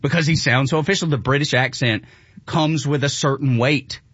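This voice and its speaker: A man hosting morning radio talk, excitable and jokey, laughing often. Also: mid-range voice, moderate pace, slightly rough, no echo, highs cut off. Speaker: radio host.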